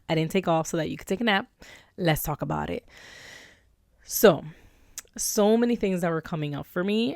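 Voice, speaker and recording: A woman's voice: sits low, dry recording, clean studio sound. A woman hosting a podcast, telling a personal story in a candid, emotional, confessional way, sometimes dropping to a near-whisper. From Puerto Rico. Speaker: podcast host.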